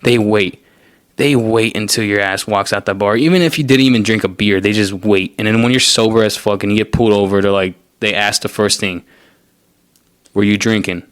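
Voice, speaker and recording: A man's voice: on the low side, a little fast, no room sound, clean studio sound. A young man hosting a podcast, telling a story in a casual, profane and exasperated rant. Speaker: podcast host. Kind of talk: casual ranting monologue.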